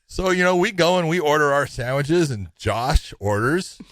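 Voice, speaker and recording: A male co-host of a fight podcast tells stories in casual chat, laughing often. His voice is fairly high, his pace normal, and he's an animated storyteller; there's no echo.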